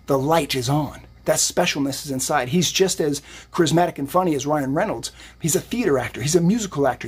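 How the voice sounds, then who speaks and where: Husky higher-voiced man, upbeat motivational streamer, rambling tarot talk between lifts. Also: a little fast. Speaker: psychic and fitness streamer. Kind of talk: casual live-stream talk.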